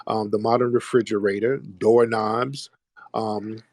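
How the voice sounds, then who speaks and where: Forceful man hosting a call-in show. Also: fairly low pitch, flat delivery, a little slow, dry recording, clean studio sound. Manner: forceful, repeats himself, cuts callers off. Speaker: host of a call-in audio show. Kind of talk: argumentative call-in talk.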